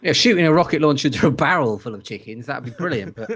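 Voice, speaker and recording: A man's voice: mid-range voice, lively intonation, fast, crowd noise. A man on a casual podcast panel, trading dry, sarcastic banter.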